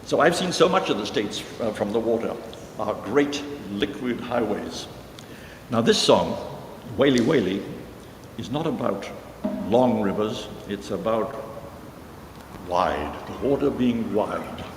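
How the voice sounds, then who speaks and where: Slow-talking man in an echoey hall. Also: lowish voice, expressive, background noise. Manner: rambling, halting with fillers. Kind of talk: casual storytelling talk. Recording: reverberant hall with guitar music.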